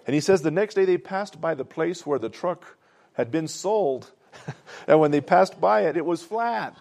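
A man's voice: fairly high pitch, expressive, unhurried, gravelly, a little mellow. A man preaching a conversational sermon, telling stories and asking "amen?" along the way. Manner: conversational storytelling, frequent "amen?" asides. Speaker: pastor.

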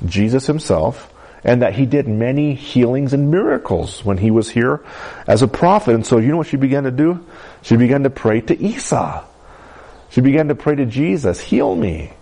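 A man's voice: medium pitch, warm tone. A middle-aged man teaching a Bible class, telling a story in a conversational way with asides and fillers.

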